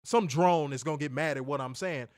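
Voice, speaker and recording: A male podcast co-host with a somewhat high voice speaks fairly quickly in a dry, close recording with no room sound. He delivers a fiery, profane, angry rant, firing off repetitive rhetorical questions.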